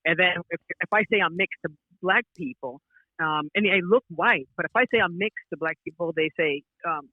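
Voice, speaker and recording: A woman's voice: lowish voice, a little fast, dry recording. A woman comedian chatting as a podcast guest, telling stories with many restarts. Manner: rambling, animated storytelling with frequent restarts and laughs. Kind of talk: casual podcast chat. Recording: tinny phone-like line, dry.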